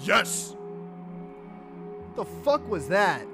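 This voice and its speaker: A woman's voice: medium pitch, sing-song, extremely slow, gravelly, music in the background. A woman streamer reacting to a horror game, jumpy, shrieking and swearing at every scare. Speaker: gaming streamer.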